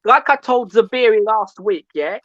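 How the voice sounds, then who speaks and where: A male caller ranting about football, loud and animated, who keeps asking "yeah?" between points. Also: high-pitched, normal speed, no echo, highs cut off. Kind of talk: call-in football rant.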